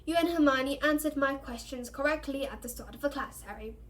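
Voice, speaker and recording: A woman voicing a calm, encouraging middle-aged male teacher who calls out brisk commands to a class in a storybook reading. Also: high voice. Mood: pleased.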